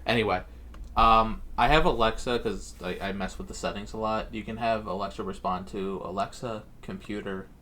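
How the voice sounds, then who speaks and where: A man's voice: on the low side, steady tone, moderate pace, bright, forceful tone, slight background noise. A man co-hosting a comedy podcast in casual chat, joking and laughing as he tells stories. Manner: laughing, joking, mimics voices. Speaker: podcast co-host.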